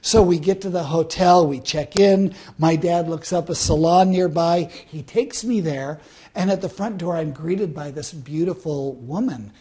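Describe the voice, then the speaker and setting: A man's voice: fairly high pitch, a little slow, dark tone. A man in his fifties from Southern California, giving a motivational self-help talk and telling a personal story, with rhetorical questions to the listener. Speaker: motivational speaker.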